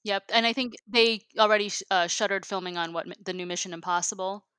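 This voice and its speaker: A woman from Michigan co-hosting a podcast, upbeat and quick to laugh. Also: medium pitch, pushed and bright, clear, resonant tone, no room sound. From Michigan, USA. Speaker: podcast co-host. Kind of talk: casual chat.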